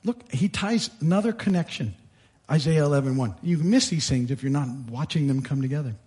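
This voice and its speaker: A man's voice: on the high side, lively intonation, fairly quick, a little mellow. A male pastor preaching a sermon, telling the story with animation, acting out voices and often restarting his sentences. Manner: frequent fillers and repeated starts.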